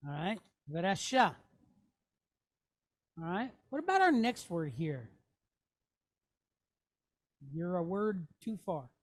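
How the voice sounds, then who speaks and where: A woman teaches a classroom lesson at an unhurried, deliberate pace. She is patient, sounding words out and pausing to check in with her students before moving on. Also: on the low side, sing-song. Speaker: Hebrew teacher.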